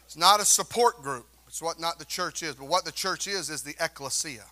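Male pastor, high bright voice, emphatic call-and-response sermon in a church. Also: brisk. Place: church sanctuary.

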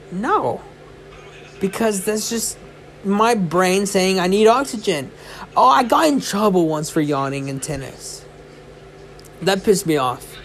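A young man with a high voice rambles on his own podcast, tired and yawning in the small hours. He fills his talk with "um" and "like." A faint hiss of noise sits behind him. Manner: rambling and chatty, many fillers. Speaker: podcast host. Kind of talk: casual solo podcast chat. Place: indoors, lying in bed.

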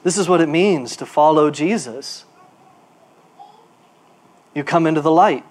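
A male pastor preaching a sermon. His delivery is animated, moving from quiet asides to emphatic bursts, and he repeats words while he looks for a phrase. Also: a little high, unhurried.

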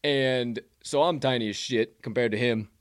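A man's voice: mid-range voice, normal speed, no echo, clean studio sound. A man hosting a sports betting podcast, telling rambling stories in casual, profanity-laced chat. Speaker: podcast host.

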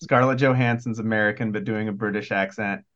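A man's voice: fairly low pitch, fairly even intonation, a little fast, a bit bright. Rambling man on a dull lo-fi recording. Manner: rambling, lots of "like" and "um". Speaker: podcast panelist. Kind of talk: casual chat.

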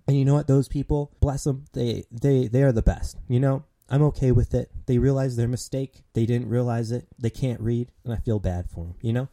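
A man's voice: medium pitch, brisk, hardly any pauses, dark tone. A young man ranting casually about his job as a grocery cashier, swearing often and sounding exasperated. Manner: profane, exasperated, lots of fillers.

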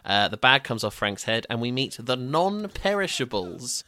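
A man's voice: medium pitch, sing-song, moderate pace, sharp tone, a little hiss or hum. A young man co-hosting a film review podcast, chatting casually with frequent stumbles and laughs. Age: young adult. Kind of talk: casual chat.

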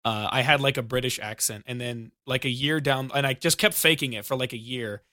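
A man's voice: mid-range voice, a little fast, sharp tone, no room sound, clean studio sound. A young American man telling rambling stories in casual podcast chat, restarting sentences and giggling. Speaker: podcast co-host.

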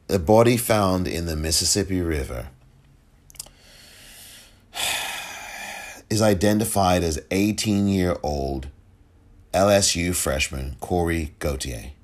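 A man hosting a solo commentary podcast, emotional and halting, often repeating himself. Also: low voice. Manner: emotional, halting, repeats himself, audibly moved to near tears. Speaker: podcast host.

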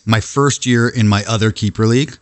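A man's voice: on the low side, steady tone, fairly quick, clean tone. A man co-hosting a casual podcast chat during a fantasy draft, blunt and profane and insistent in argument. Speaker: podcast co-host.

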